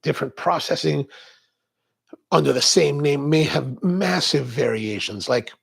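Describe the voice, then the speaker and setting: A man hosts a relaxed coffee livestream and chats his way through viewer comments. His voice sits a touch higher than most men's and has a gravelly, husky edge. He talks in a loose, rambling way, full of "like". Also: a little slow. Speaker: coffee show host. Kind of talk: casual livestream chat answering viewer comments.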